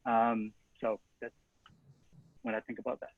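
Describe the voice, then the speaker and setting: Casual-talking male candidate, mid-pitched, coming through a tinny, dry line. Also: monotone, unhurried, dry recording. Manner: casual, conversational, searching for words. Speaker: school board candidate. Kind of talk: candidate forum answer. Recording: tinny phone-like audio.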